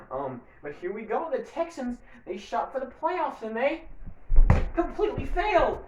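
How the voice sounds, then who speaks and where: A man giving a casual, rambling sports recap to camera, breaking into bursts of mock play-by-play hype. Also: very high-pitched. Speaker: sports video creator. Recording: echoey room.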